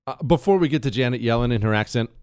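A male talk show host giving opinionated commentary in an animated, sarcastic way, bantering with his producer. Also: mid-range voice, quick pace, a little hiss or hum.

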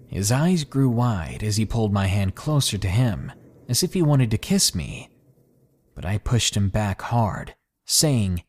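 A man narrating a scary story in a calm, measured, ominous way, then signing off as the channel host. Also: medium pitch. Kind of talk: scripted narration of a horror story. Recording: faint background music.

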